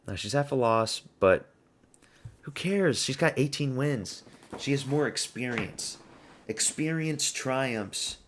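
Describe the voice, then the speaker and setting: A man's voice: on the low side, slight background noise. A man hosting his own channel, talking through casual fight predictions in a blunt, rambling way, thinking aloud as he goes. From United States. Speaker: host.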